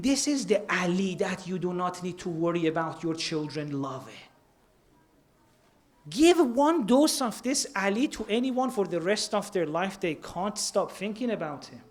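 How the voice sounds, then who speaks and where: Earnest man preaching. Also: high voice. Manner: earnest, mixes Persian words into English. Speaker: speaker at a religious centre. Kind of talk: sermon.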